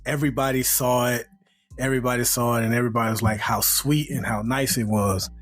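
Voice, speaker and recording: A man, co-hosting a podcast and telling a story in a casual, animated way, laughing and acting out his friends' voices. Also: mid-range voice, fast talker, soft background music. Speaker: podcast co-host.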